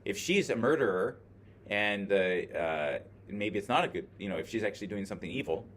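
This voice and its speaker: A man's voice: on the low side, lively intonation, brisk, fairly bright tone, a little hiss or hum. Man lecturing a class, lots of ums. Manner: explains by thinking aloud, many filler words. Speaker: teacher. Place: classroom with a screen. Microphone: video camera in the classroom.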